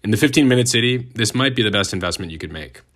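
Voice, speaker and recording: A man's voice: on the low side, animated, fast, a bit bright. A young man, the host, reading a scripted narration with wry, sardonic asides. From United States.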